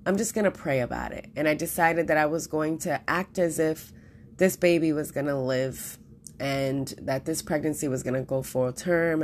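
A woman's voice: low voice, a little hiss or hum. A young woman hosting a podcast, talking earnestly through a personal reflection with frequent fillers and restarts. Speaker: podcast host.

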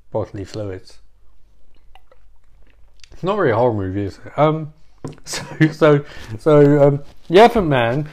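A man's voice: medium pitch, darkish tone. A man hosting a podcast, talking through a rambling comedic monologue with self-interruptions, swearing and asides. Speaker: podcast host.

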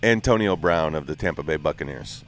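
A man's voice: a bass voice, a little fast. A man hosting a casual podcast from a pub, teasing his guests bluntly and swearing freely. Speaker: podcast host. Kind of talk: casual banter. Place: Irish pub.

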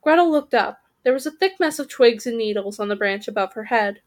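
A woman's voice: fairly high pitch, lively intonation, a little fast. A woman reading a children's fantasy story aloud, voicing the characters and stopping to correct her own slips.

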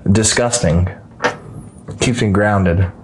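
A man's voice: on the low side, takes it slowly, darkish tone, slight background noise. A man hosting a podcast, talking in a blunt, crude, joking way. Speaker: podcast host. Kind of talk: casual podcast chat.

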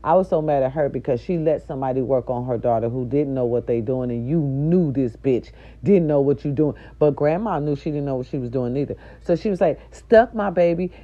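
An older woman, a nurse's aide and grandmother, telling an indignant, profane story straight to her viewers in a loud, animated rant. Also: very deep voice, brisk, hardly any pauses, highs cut off.

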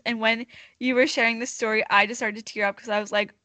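Young woman host, bright tone, slightly high, dry sound, affirming. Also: quick pace, no echo. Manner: warmly affirming, emotional, laughing. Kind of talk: casual chat.

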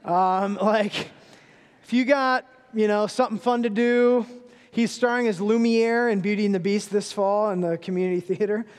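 A man in his thirties preaches as a guest speaker, telling family stories with humor in a relaxed, conversational way. His voice sits high for a man. The church around him rings with a long reverb. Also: moderate pace, smooth. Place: church sanctuary.

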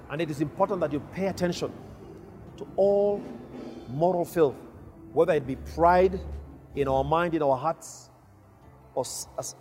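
A middle-aged male preacher delivering a sermon, repeating his key phrases with slow, emphatic weight. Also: on the high side, darkish tone.

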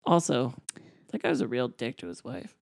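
Low-voiced woman with dry asides. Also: sing-song, normal speed, creaky, darkish tone, no room sound. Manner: dry, wry interjections. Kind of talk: casual chat.

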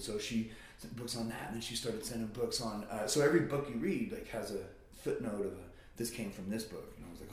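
A man's voice: fairly low pitch, quick pace, a little hiss or hum. Male guest, casual storyteller, swears freely, heavy room echo. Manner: blunt and profane, swears often. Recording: very echoey room.

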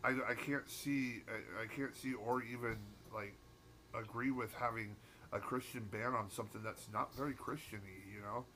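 A man's voice: medium pitch, steady tone, moderate pace, pushed and bright. A man co-hosting a podcast in casual chat, rambling through stories with restarts and swearing. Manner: rambling, hesitant, profane. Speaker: podcast co-host.

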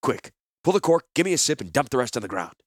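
A man voicing a bold, cunning young hero in chains who calls out loudly and urgently, in a storybook reading. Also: mid-range voice, sing-song, no echo, studio quality, voice pushed up. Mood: scheming. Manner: loud, urgent, quick-witted calling out.

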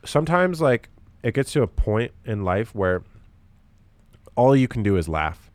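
A man's voice: fairly low pitch, a little mellow, dry recording. A young man talking in a rambling, profane way with lots of fillers, hosting a casual solo podcast.

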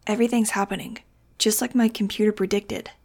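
A dazed teenage boy lost in a cult's promises speaks dreamily and earnestly, as a woman reads him out in an audiobook. The voice has a gravelly edge. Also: mid-range voice, steady tone, fairly quick, close to an everyday voice. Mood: dreamy. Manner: dreamy, earnest, then shouting. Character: dazed teenage boy, fanatical cult follower.

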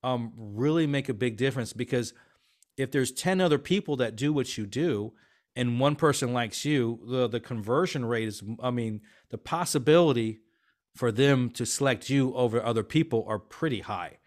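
A man as an interview guest, telling business stories in a chatty, animated way with many fillers and restarts. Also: medium pitch, normal speed. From half Swiss, half Filipino family. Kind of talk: casual interview talk.

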